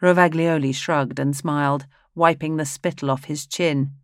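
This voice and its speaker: A woman with a low voice narrates a story aloud in a steady, even manner. The recording is dry and close, with no room sound. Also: moderate pace, no room sound. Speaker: audiobook narrator. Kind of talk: scripted narration.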